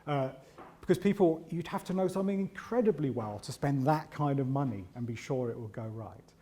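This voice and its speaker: A man giving a conference talk, chatty and animated, with self-deprecating humour and frequent asides of "right?". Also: mid-range voice, brisk, a little hiss or hum. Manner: animated and chatty, often tags lines with "right?". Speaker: conference speaker.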